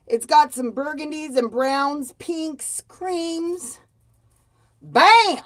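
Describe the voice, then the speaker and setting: A woman's voice: high-pitched, a bit bright, no echo. A woman chatting casually on a live stream from home, folksy and self-mocking as she shows off her handmade blankets.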